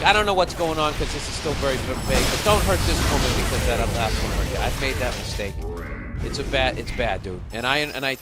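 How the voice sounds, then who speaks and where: A man hosting a comedy podcast, ranting advice in a blunt, profane, animated way. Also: medium pitch.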